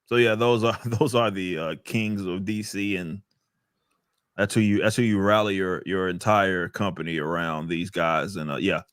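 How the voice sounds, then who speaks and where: A man's voice: low-pitched, fairly even intonation, moderate pace, a bit bright, dry recording, studio quality. A man chatting on a podcast, ranting and swearing, often repeating words as he thinks. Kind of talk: casual podcast chat.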